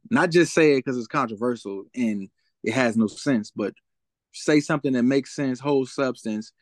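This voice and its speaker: A man's voice: mid-range voice, no echo. A young man as a guest in a casual interview, talking in a laid-back way and often asking "you know what I'm saying?".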